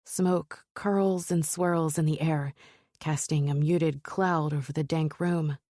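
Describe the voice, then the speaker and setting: A woman narrating a romance novel in first person, in a measured, steady storytelling manner. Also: low-pitched, no echo, studio quality. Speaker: audiobook narrator.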